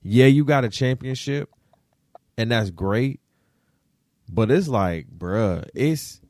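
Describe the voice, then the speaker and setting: Animated young man on a sports talk show. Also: medium pitch, takes it slowly, no room sound. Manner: animated, profane, swings from shouting to muttering. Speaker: podcast co-host.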